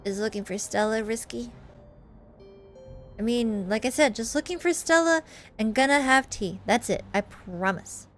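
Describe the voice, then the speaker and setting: An earnest young woman, pleading and eager to reassure, read aloud by a woman. Her voice is fairly high. Soft game music runs underneath. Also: normal speed, close to an everyday voice. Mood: reassuring. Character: earnest, apologetic young woman trying to reconnect.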